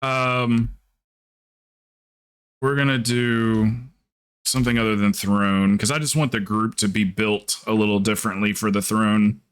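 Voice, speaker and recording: A man's voice: fairly low pitch, measured pace, pauses often, clean tone. A man who grew up in the southern United States, chatting casually on a livestream and thinking aloud as he plans his group's next game run, with frequent fillers. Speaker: livestreamer planning game runs.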